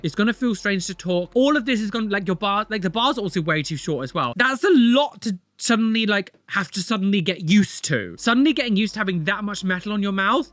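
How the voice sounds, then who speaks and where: Guy reacting to clips, high voice, bounces up and down a lot, dry close sound. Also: no echo. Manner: animated, exclaiming, repeats himself. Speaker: reaction video host. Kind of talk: casual reaction commentary.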